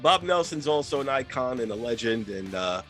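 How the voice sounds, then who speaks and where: A man's voice: medium pitch, lively intonation, normal speed, a bit bright, soft background music. A man hosting a podcast, chatting casually about comedians and laughing easily. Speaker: podcast host. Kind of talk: casual chat.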